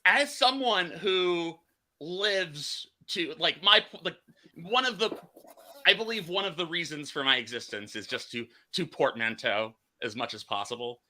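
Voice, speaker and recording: Bright-voiced American man, chatty host. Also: a little high. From United States. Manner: halting, many fillers and restarts. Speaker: podcast host. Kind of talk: casual chat.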